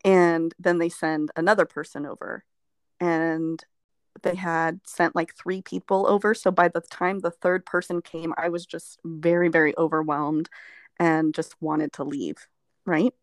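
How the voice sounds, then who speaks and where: A woman's voice: lowish voice, level tone, unhurried, no room sound, clean studio sound. A woman therapist telling a reflective personal story in conversation, meandering with fillers. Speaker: therapist guest.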